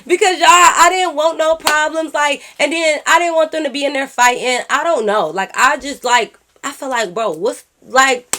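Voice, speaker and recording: A woman telling a story to her viewers in a casual vlog, animated and profane, calling them y'all. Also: high-pitched, unhurried. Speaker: YouTube storyteller.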